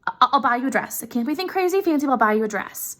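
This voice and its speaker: A woman's voice: sits high, lively intonation, rapid-fire, fairly bright tone. A woman voicing a patient, devoted young husband who gives in and reassures his wife. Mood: conceding. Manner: giving in, reassuring.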